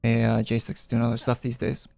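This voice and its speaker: Gravelly-voiced male gaming streamer. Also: medium pitch, fairly quick, no echo, soft background music. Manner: wry, joking asides between flat readings. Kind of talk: reading game dialogue aloud with casual commentary. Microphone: close studio microphone.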